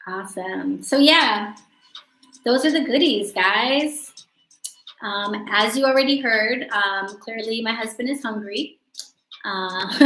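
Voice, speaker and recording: A woman in her thirties hosts a casual live stream, chatty and joking and quick to laugh at herself. She talks in an unhurried, drawn-out way. Her voice rings with a roomy echo. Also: medium pitch, fairly bright tone, a little hiss or hum. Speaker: host of a live witchcraft coaching stream.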